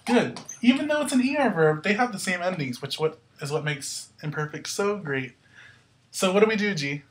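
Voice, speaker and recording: A woman's voice: lowish voice, expressive, moderate pace. Upbeat woman teaching Spanish grammar. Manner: upbeat, drills endings step by step. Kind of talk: classroom-style grammar lesson.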